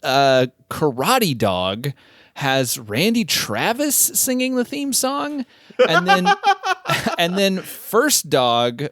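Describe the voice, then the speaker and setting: A man's voice: fairly high pitch, a bit bright, no echo, clean studio sound. A man appearing as a podcast guest in casual chat, rambling and laughing mid-sentence.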